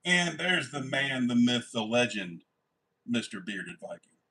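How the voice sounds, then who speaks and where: A man's voice: mid-range voice, sing-song, unhurried, slightly rough, rough recording. A man hosting a live stream from his workshop, chatting casually and rambling easily with viewers. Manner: easygoing, rambling, warm toward family.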